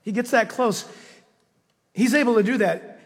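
A male pastor preaching a sermon with animated storytelling, acting out voices along the way. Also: very high-pitched, normal speed, breathy edge. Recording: long reverb of a large hall.

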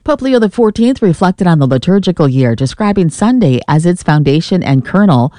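A woman reads a radio news bulletin in a steady, formal delivery. Her voice is low and warm for a woman. The studio sound is dry and close. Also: a little fast, dry recording. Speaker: newsreader. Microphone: studio microphone.

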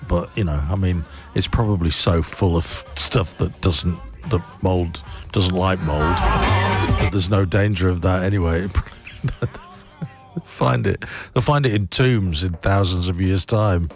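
A man's voice: low-pitched, a little slow, faint music behind. A man presenting a morning radio show, rambling casually with chuckles and self-mocking asides. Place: radio studio.

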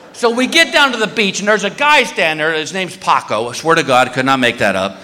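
A man's voice: on the high side, brisk, hardly any pauses, a little hiss or hum. A man telling a comic story on stage, acting out the people in it with big vocal swings. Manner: animated, acts out voices with big jumps. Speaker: stand-up comedian. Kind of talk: stand-up comedy storytelling. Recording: live hall reverb, faint ambience.

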